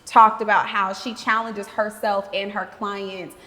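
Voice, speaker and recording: A woman hosting a podcast in casual chat, talking in an expressive, emphatic and candid way. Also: mid-range voice, unhurried, long reverb tail. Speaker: podcast host.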